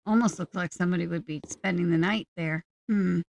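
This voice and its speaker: Gravelly woman musing over gameplay. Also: lowish voice, fairly even intonation, a little mellow, a little hiss or hum. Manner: musing aloud to herself, unhurried. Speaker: gaming channel host. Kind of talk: casual gameplay commentary.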